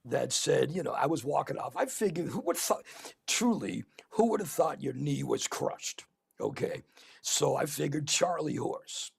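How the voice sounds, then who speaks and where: A man's voice: fairly high pitch, lively intonation, measured pace, creaky, breathy edge. A man hosting a casual podcast, telling rambling anecdotes full of fillers. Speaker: podcast host. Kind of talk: casual chat, storytelling.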